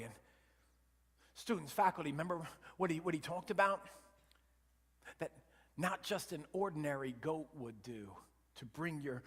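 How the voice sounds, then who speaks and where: A man preaching a sermon as pastor, his voice swinging from loud emphasis down to hushed whispers. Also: on the high side. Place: church sanctuary. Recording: long reverb of a church hall.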